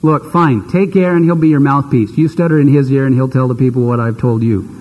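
A man voicing God as a blunt, gruff speaker who takes no excuses, in a lowered voice. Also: steady tone, fairly quick, lo-fi sound, natural voice. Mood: firm. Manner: gruff, lowered, plain-spoken. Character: blunt, no-nonsense God, male. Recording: long hall reverb.

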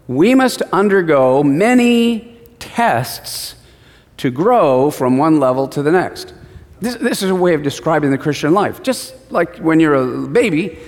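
A man's voice: fairly high pitch, a little mellow. Preacher man in a reverberant hall. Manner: asks the congregation questions, acts out short dialogues. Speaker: pastor. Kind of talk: sermon.

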